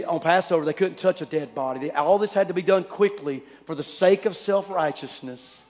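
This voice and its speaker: Dramatic high-voiced preacher in a big hall. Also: male voice. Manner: dramatic storytelling, swinging from loud to hushed. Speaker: pastor. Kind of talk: sermon.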